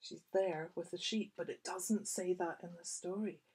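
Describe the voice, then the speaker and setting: A woman author reading a picture book aloud to small children, gently asking her young listeners questions. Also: lowish voice, fairly even intonation, moderate pace, slightly rough.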